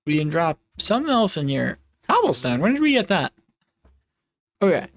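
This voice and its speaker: A young adult streamer chats casually over a game, full of giggles and restarts. The voice swoops up and down in a lively, animated way at a middling pitch. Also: normal speed, slight background noise. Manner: giggly, playful, rambling with many restarts. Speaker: live streamer. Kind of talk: casual live-stream chat while playing.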